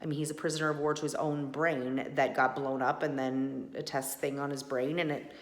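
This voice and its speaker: A woman's voice: very deep voice, flat delivery, fairly quick. Emphatic woman in a personal monologue. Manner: emphatic, restarts often, swings between loud and soft; folksy mild swearing. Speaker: podcast host.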